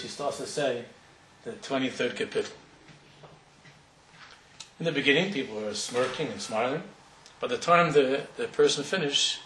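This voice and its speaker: A man's voice: medium pitch, a bit bright, a little hiss or hum. Middle-aged man telling a sermon story. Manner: conversational, digressive, with restarts. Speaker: rabbi giving a talk. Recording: roomy hall from far off.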